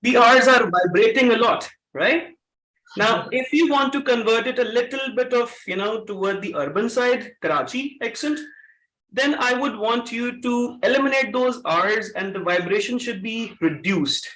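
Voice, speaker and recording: A man runs a lively pronunciation workshop and keeps quizzing the audience. His voice sits high and bright, and it rings around an echoey meeting room. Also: normal speed. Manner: energetic, coaxes the audience with questions. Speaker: speaker at a public-speaking club.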